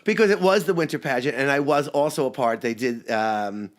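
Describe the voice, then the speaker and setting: A man's voice: mid-range voice, a little fast. A man from Staten Island, a guest on a podcast, chatting in a playful, campy way and laughing often. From Staten Island, New York. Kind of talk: casual chat.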